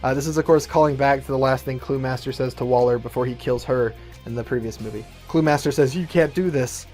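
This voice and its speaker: A man's voice: medium pitch, steady tone, fast, darkish tone, soft background music. Man narrating a fan-written action script. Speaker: storyteller.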